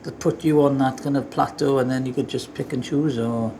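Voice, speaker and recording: A man's voice: medium pitch, fairly even intonation, brisk, warm tone. A man hosting a casual interview, friendly and teasing as he prompts his guest with questions. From Wales. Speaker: interview host. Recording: noisy background.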